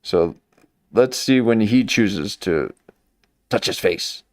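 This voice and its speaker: Man, live-stream commentator, low voice, swooping delivery, dry close sound, mocking and meandering. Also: lively intonation, takes it slowly, dry recording. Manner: mocking, meandering, full of restarts. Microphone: desk microphone.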